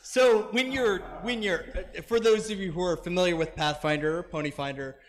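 A man's voice: sits high, a little fast. A man speaking as a convention panelist in casual discussion, rambling a little and laughing between his thoughts. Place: large convention hall. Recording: long reverb of a large hall.

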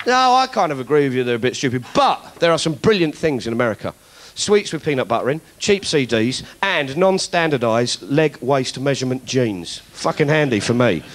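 A man's voice: mid-range voice, lively intonation, fairly quick, few pauses, slight background noise. A man doing stand-up political comedy, ranting in mock indignation with plenty of swearing. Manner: acts out other people's voices.

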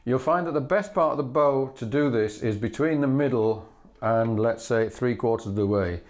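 A man's voice: mid-range voice, moderate pace, soft background music. A man teaching fiddle bowing in a patient, methodical way, singing the rhythms aloud between spoken steps. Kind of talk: instructional demonstration. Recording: loud fiddle playing between phrases.

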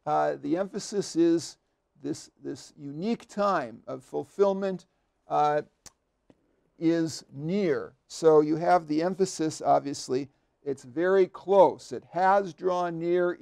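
A man, a seminary professor, gives an unscripted commentary on a Bible passage, pausing often, restarting phrases and stressing key words. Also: a little high, vocal fry, darkish tone. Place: podcast studio.

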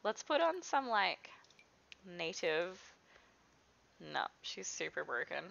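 A woman's voice: lowish voice, big pitch swings, slow pace, gravelly, fairly bright tone, highs cut off. A young woman chatting casually through a life-sim game, giggling and talking to her characters as she plays. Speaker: gaming video host. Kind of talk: casual let's-play commentary.

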